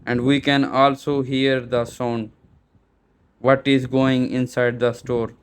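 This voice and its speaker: A man's voice: mid-range voice, level tone, takes it slowly, smooth. A man walking viewers through setting up a camera step by step, hesitant with many fillers and restarts. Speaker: tech tutorial presenter. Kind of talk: step-by-step setup walkthrough. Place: small store.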